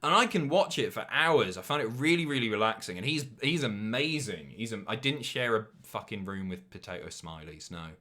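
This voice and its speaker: A young man with a Southern English accent chats casually on a live stream, reading out viewer messages. He swears freely and throws in jokey asides. His voice swings widely up and down in pitch. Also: animated, moderate pace, hardly any pauses, bright, forceful tone.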